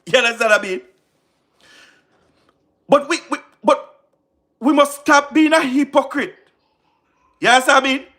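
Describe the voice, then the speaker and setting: A man's voice: extremely high pitch, normal speed, long pauses, pushed and bright. A man with a Jamaican accent delivering passionate political commentary on a livestream, emphatic and repetitive, asking rhetorical questions. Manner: emphatic and repetitive, frequent rhetorical questions, laughs between points.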